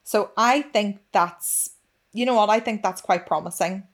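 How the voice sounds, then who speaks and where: A woman's voice: medium pitch, a little slow. A woman co-hosting a podcast, candid and chatty, swearing freely. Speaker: podcast co-host. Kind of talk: frank casual podcast chat.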